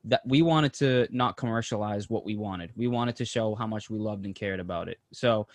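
Excited bro telling a story. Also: male voice, lowish voice, moderate pace, dry recording. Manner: excited, animated storytelling with lots of swearing and slang. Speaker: podcast co-host. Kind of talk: casual storytelling chat.

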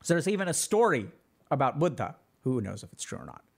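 A man's voice: mid-range voice, big pitch swings, fast talker, gravelly, breathy edge. A man hosting a casual livestream, answering chat questions in a loose, explanatory way with plenty of filler words. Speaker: podcast host answering chat.

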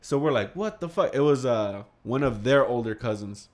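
A young man telling a story casually among friends, animated and swearing, acting out the quotes. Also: mid-range voice, moderate pace.

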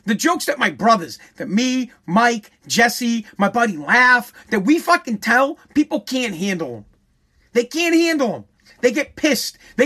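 A man's voice: very high voice, fairly bright tone. A man hosting a show, delivering a heated, profane opinion rant and repeating phrases for emphasis.

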